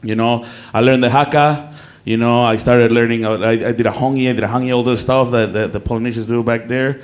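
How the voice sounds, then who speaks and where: A man's voice: medium pitch, fairly even intonation, fairly quick. A man with a Mexican accent performing a self-mocking stand-up set on a comedy club stage, stumbling over restarts and laughing at his own jokes.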